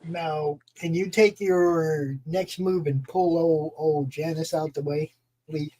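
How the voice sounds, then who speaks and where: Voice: mid-range voice, fairly even intonation, takes it slowly, dark tone, rough recording. A tabletop game player eagerly describing moves and urging the others on. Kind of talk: casual tabletop game play.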